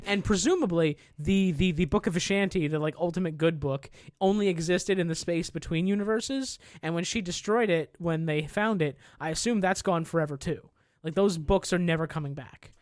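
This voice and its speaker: A man's voice: a little high, normal speed, few pauses, no room sound, studio quality. A man co-hosting a podcast, retelling a film's plot in casual chat, swearing often and acting out the characters' lines. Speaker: podcast co-host. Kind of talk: casual recap of a film plot.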